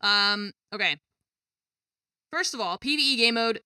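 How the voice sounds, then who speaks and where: A woman's voice: a little high, lively intonation, a little slow, bright, forceful tone, no echo, studio quality. A woman streamer chatting casually to her viewers at her gaming desk at home, exasperated and swearing freely. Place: home gaming setup with a cat.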